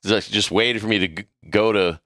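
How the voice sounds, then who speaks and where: A man's voice: fairly low pitch, fairly quick, sharp tone, no echo, clean studio sound. A middle-aged man telling a story in casual, profanity-laced chat, acting out the voices of the people in it. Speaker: podcast crew member telling a story.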